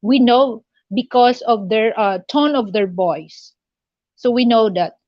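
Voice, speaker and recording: A Filipino woman with a first language of Tagalog hosts a casual livestream, her voice sitting a little high and her delivery slow and unhurried. She talks haltingly, padding phrases with fillers and chuckling between them. The sound is dull and lo-fi, with a dry, close feel. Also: dry recording. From Philippines. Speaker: livestream host. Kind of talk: casual live chat teaching words.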